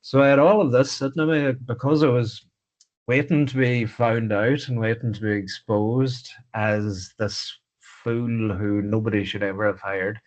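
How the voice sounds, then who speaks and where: A man's voice: mid-range voice, steady tone, measured pace. A middle-aged Irish man, a podcast guest telling his own story frankly and reflectively. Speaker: podcast guest, fire engineer. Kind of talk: candid personal storytelling. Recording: slightly muffled podcast audio.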